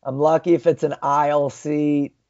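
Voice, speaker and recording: A man with a gravelly, creaky voice chats casually, rambling and restarting his sentences. The sound is dry and a little dull, as if recorded close on a modest mic. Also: fairly high pitch, flat delivery, normal speed, a little mellow, dry recording. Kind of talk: casual chat.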